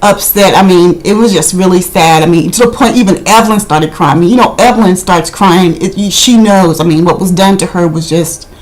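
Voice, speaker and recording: A woman's voice: fairly low pitch, fairly quick, few pauses, low-quality recording. Indignant woman recapping reality TV. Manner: indignant, gossipy, repeats "I mean". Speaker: video reviewer.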